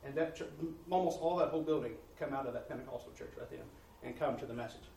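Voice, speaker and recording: A man preaching a testimony sermon in a church, telling his story in an animated way and laughing along the way. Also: medium pitch, fast, a little hiss or hum. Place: church sanctuary. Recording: roomy church audio from a distance.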